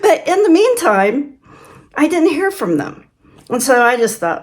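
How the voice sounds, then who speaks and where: Chatty older woman, fairly high voice. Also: very animated, a little slow. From Kansas, USA. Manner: chatty, laughs often, acts out quoted voices. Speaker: channel host. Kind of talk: casual storytelling vlog. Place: farm home.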